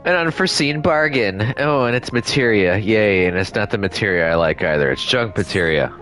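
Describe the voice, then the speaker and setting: A young man streams a game, rambling in casual asides and reading the dialogue aloud in his own voice. His voice sits fairly low. Faint music runs underneath. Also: expressive, fairly quick, fairly bright tone. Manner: chatty, rambling, reads character lines plainly.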